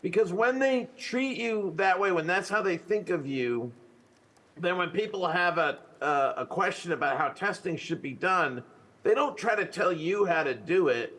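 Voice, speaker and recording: Older guy answering q&a, kinda high voice, sounds like he knows his stuff, drops his voice at the end of lines. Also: lively intonation, moderate pace, pushed and bright. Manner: authoritative, sentences falling at the end. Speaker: conference speaker. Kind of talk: Q&A answers at a talk.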